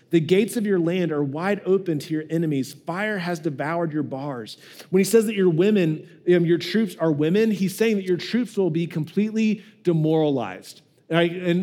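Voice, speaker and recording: A man with a high voice preaches in a relaxed, joking way and slips into playful voices for the people in his stories. It sounds like a pastor talking straight to his congregation. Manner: casual and joking, acts out quoted voices. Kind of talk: sermon.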